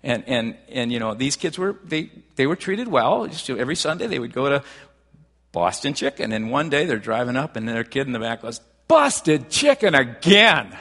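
A man preaching a sermon as pastor, talking conversationally with frequent restarts and rising to animated emphasis. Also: medium pitch, fairly quick, in a large hall.

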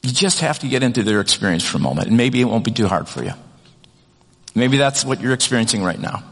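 A man's voice: mid-range voice, lively intonation, fast, breathy edge, long reverb tail. A man delivering a sermon as pastor, talking in a conversational way with frequent restarts and reading scripture aloud. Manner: conversational preaching with many restarts and "kind of".

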